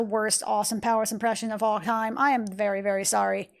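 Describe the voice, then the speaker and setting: A woman's voice: a little high, flat delivery, quick pace, hardly any pauses. A woman casually commenting on a video game in an irreverent, joking, profane way, tired and with a sore throat. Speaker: let's play gamer.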